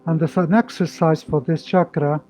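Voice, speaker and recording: A man leading a live-streamed guided meditation, speaking slowly and soothingly with gentle instructions. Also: on the high side, steady tone. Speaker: meditation teacher. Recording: dull lo-fi audio with music. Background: soft meditation music.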